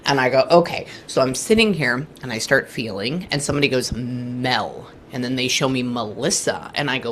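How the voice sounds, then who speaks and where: A woman's voice: extremely low pitch, brisk, slight background noise. A woman in her thirties, a guest medium, telling a reading story and acting out the remembered dialogue of both people. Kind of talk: animated storytelling in conversation.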